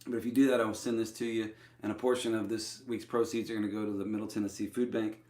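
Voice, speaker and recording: A man's voice: lowish voice, flat delivery, fast talker, a little mellow, roomy sound. A man with a Texan accent, a musician hosting his own livestream, talking loosely with many fillers and restarts. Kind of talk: casual livestream chat.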